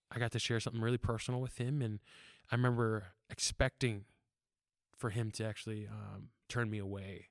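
Young man, lowish voice, casual podcast chat, laughs a lot, earnest, dry close sound. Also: gravelly, dry recording. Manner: laughing, earnest, rambling with fillers. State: tearful. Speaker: podcast guest.

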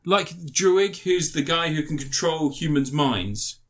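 Guy rambling about a movie, swears a lot, kinda high voice. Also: slow. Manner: rambling, swears freely, mocking impressions. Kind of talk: casual film chat.

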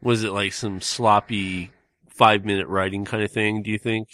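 A man's voice: fairly low pitch, level tone, normal speed, pushed and bright, no echo. A man in casual chat, asking short questions and giving brief reactions.

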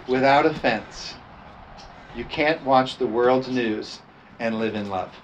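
A man's voice: mid-range voice, takes it slowly, a little hiss or hum, rough recording. A man preaching a sermon as pastor, emphatic and repetitive, calling for responses from the congregation.

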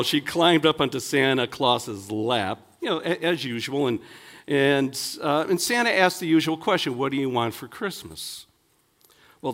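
A man's voice: a little high, a bit bright. A man, a pastor, giving a folksy sermon full of jokes and stories, talking in a chatty way with many "you know"s. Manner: chatty, leans on "you know" between thoughts; playful, builds toward punchlines.

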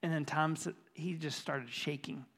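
Pastor telling a story from the pulpit, man with a slightly high voice, dropping to near-whispers and climbing to urgency. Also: steady tone, moderate pace. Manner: retells a conversation, voice dropping to a hush then rising intense. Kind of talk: sermon storytelling. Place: church.

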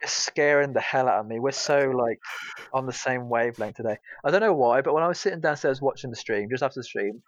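A man's voice: mid-range voice, fast talker, no echo. A man from Britain thinks aloud about upcoming games in a casual podcast, hedging and circling with fillers. His voice sits mid-range for a man. The recording is dry and slightly muffled. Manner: rambling, lots of fillers. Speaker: podcast co-host. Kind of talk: casual chat.

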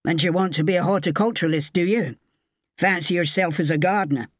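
A woman doing a gruff Scottish head gardener. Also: fairly low pitch, fast talker, no room sound, studio quality, lightly acted. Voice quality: gruff, barking.

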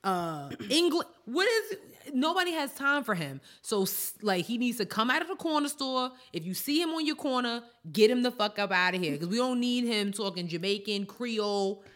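A woman co-hosting a podcast, ranting in animated, exasperated casual chat. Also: a little high, normal speed, few pauses. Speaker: podcast co-host.

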